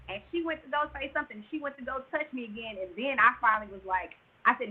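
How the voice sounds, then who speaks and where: A woman telling an emotional birth story as a podcast guest, animated and sometimes near-shouting. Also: mid-range voice, fast, hardly any pauses, husky. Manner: animated, rises to near-shouts at tense moments. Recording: tinny phone line.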